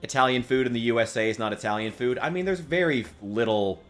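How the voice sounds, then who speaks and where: A man's voice: medium pitch, fast, soft background music. A man streaming a game, chatting casually in a rambling, joking way, with frequent profanity and restarts. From United States. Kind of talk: casual gaming stream chat.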